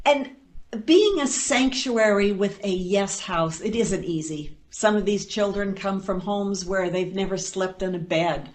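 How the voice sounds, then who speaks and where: A woman tells a personal story to an audience, her voice sitting at an everyday middle pitch. She speaks as a foster parent, animated and playful. Dry little asides slip in between the lively parts. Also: a little slow.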